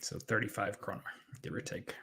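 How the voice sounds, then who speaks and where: A man's voice: brisk, pushed and bright. A man, a podcast co-host chatting casually and dropping dry, sardonic quips. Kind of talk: casual chat.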